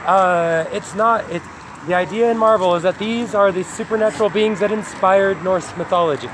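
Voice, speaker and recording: Brief: high-pitched male co-host, playful and jokey, clear traffic noise behind. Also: moderate pace. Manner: playful, joking, laughs often. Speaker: guest co-host. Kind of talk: casual podcast chat.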